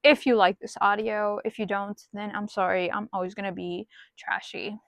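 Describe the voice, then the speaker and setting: A woman's voice: medium pitch, flat delivery, normal speed, a bit bright, no echo. A woman talking casually to her viewers from her car, frank and rambling, with small self-deprecating asides, into a small mic plugged into her phone. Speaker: vlogger. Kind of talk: casual talk to camera.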